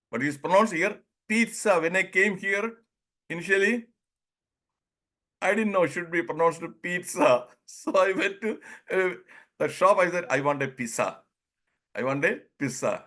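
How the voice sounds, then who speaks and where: A man's voice: high-pitched, bright, forceful tone. A man from India with an Indian English accent, giving an informal online talk on pronunciation, chuckling often and acting out little dialogues. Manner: chuckles often, acts out dialogues, drawls words slowly. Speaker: presenter leading an online group session.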